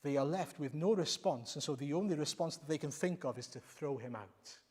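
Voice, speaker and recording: A man's voice: on the high side, fairly quick, darkish tone, husky. Emphatic male preacher in a reverberant church. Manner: emphatic, rhetorical questions, repeats lines. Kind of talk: sermon. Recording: long reverb of a church hall.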